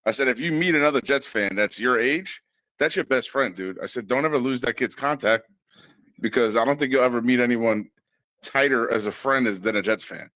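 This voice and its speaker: A man's voice: medium pitch, a little fast, no echo. A middle-aged man calling in, casually telling a story with laughter. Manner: laughing, relaxed, retelling a conversation. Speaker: caller.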